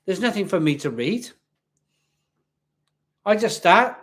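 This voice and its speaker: Male streamer, slightly high voice, loose chatty delivery that doubles back on itself, talking into a laptop webcam at home. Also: animated, slow pace, long pauses, fairly bright tone. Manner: chatty, repeats himself, talks to viewers. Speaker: beer reviewer livestream host. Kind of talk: casual live-stream chat.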